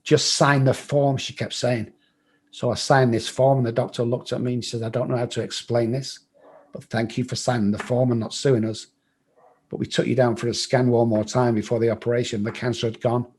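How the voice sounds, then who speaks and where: A middle-aged Englishman, guesting on a podcast, tells his story in a husky, slightly breathy voice pitched in the ordinary male middle range. His tone is level, brisk and a little mellow, and he speaks bluntly, swears freely and acts out what others said in this interview storytelling.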